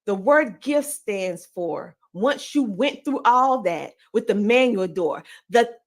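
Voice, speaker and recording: A woman's voice: medium pitch, expressive, takes it slowly. A woman from the Southern United States with a country twang, giving an emphatic, preacher-like motivational speech as a podcaster and coach.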